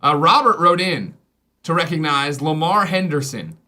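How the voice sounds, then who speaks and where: Male host, bright, tense tone, playful announcer. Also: fairly high pitch, lively intonation, normal speed. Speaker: show host. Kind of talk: casual show segment reading.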